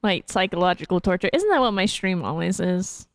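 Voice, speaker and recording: A woman's voice: on the low side, lively intonation, a little fast, a little hiss or hum. A woman livestreamer chatting casually to her viewers in a rambling, self-mocking way, laughing often between remarks. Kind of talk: casual stream chat.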